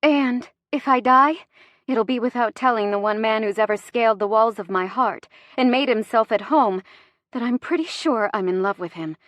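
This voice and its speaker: A woman giving an expressive, dramatic first-person reading of a romance audiobook. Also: fairly high pitch, moderate pace, dry recording. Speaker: audiobook narrator.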